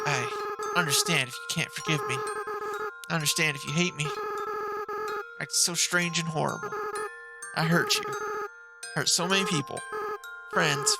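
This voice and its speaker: A woman voicing a young goat monster boy from a game, tearful and remorseful, reading the dialogue softly and with feeling. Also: on the low side, vocal fry, heavily acted. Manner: soft, emotional reading of on-screen dialogue. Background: loud game music.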